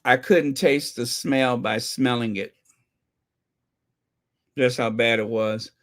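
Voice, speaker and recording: Bright-voiced man hosting a commentary vlog. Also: mid-range voice, slow. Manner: animated, opinionated, reads viewer chat. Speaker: channel host.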